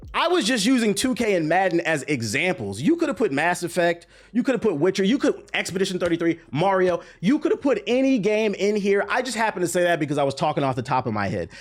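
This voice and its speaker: A man's voice: sits high, fairly quick, soft background music. A young man giving profane, emphatic commentary as a streamer reacting to a critic. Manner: animated, profane, emphatic ranting.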